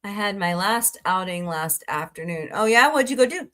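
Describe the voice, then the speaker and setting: A woman's voice: mid-range voice, expressive, moderate pace, fairly bright tone. A woman hosting a casual live stream, chatting and joking with viewers about movies and reading their comments. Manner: chatty, jokey, reads and answers viewer comments. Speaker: livestream host.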